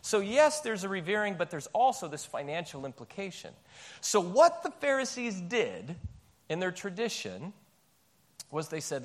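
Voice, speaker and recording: A male pastor preaching a sermon in a church, emphatic and animated, firing off rhetorical questions. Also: high voice, moderate pace.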